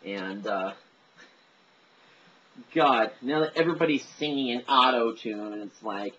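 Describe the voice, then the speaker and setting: Man, casual rambling monologue, lots of ums, mid pitch, dull lo-fi recording. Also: a little slow, fairly bright tone, slight background noise. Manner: rambling, lots of fillers and self-deprecation. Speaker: amateur voice impressionist.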